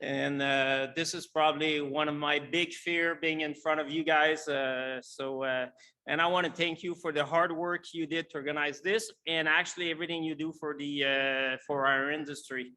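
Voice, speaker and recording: A middle-aged man with a French Canadian accent speaks to an industry audience in a high, bright voice. He talks in halting English, full of fillers and restarts, as a native French speaker presenting slides. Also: little pitch movement. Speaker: conference speaker. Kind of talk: conference presentation.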